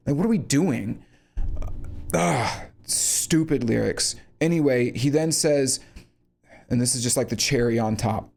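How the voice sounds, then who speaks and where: A man's voice: medium pitch, measured pace, vocal fry, darkish tone. A man giving a casual, blunt critique of a song, sarcastic and free with swearing. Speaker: song reviewer.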